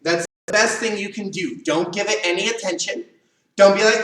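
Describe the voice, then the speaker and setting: A man teaching a live online karate leadership class, animated and acting out students' cries. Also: sits high, moderate pace. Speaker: karate instructor. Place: karate studio, echoey room. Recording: echoey room, voice far from mic.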